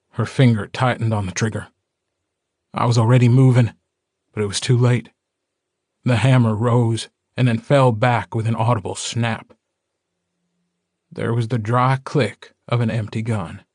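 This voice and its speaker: A man narrating a first-person audiobook in a measured, steady storytelling manner. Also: lowish voice, no room sound, studio quality.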